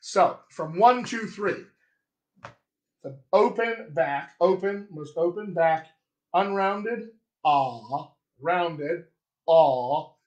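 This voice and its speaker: A man teaching accents as a dialect coach in a live stream, talking to viewers and demonstrating vowels slowly. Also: a little high, echoey room. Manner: slow, demonstrative, drawn-out vowel examples; chatty, addresses viewers directly. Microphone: webcam or phone on a live stream.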